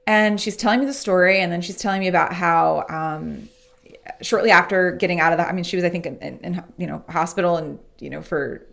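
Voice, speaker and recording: A woman with a slightly low, gravelly voice, speaking as a guest in a casual podcast interview. She tells a personal story in an earnest, reflective way. Her tone stays conversational and sincere. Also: brisk. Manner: acts out remembered dialogue in lively voices.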